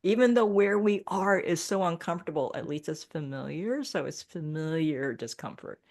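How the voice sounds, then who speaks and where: A woman with a low voice speaks as a podcast guest. She talks in a reflective, casual way and laughs often. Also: expressive, normal speed, darkish tone. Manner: reflective, acts out her own thoughts, laughs often. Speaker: guest, Reiki practitioner.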